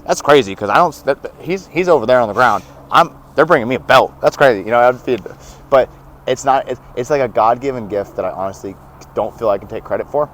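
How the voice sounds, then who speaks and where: A young man telling stories as a podcast guest, animated and laughing often, acting out what others said. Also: mid-range voice, fast talker, slight background noise. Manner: animated, laughs often, acts out quoted dialogue. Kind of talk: casual storytelling.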